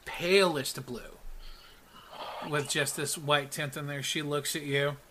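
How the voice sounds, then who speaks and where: A man narrating as game master in a relaxed, hesitant way with many fillers. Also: a little high, slow pace.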